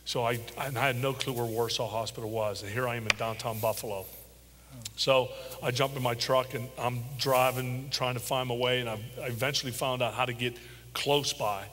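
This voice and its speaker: A middle-aged father, as an interview guest, tells a personal story in a halting, heartfelt way with many pauses and ums. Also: mid-range voice, fairly even intonation, fairly bright tone. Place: large church hall. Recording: echoey church hall with faint hum.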